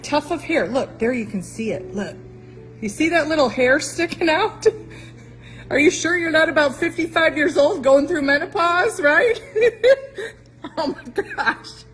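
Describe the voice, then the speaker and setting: A woman's voice: high voice, low-quality recording. A woman giving a live walkthrough of rescue kennels, laughing often and cooing at the dogs, recorded on a handheld phone in an indoor kennel. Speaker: dog rescue worker.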